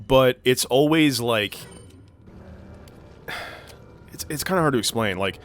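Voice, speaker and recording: A man's voice: mid-range voice, lively intonation, unhurried, long pauses. A young man co-hosting a gaming video, rambling through a long story full of fillers and swearing while he plays. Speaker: gaming channel co-host. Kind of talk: casual let's-play storytelling.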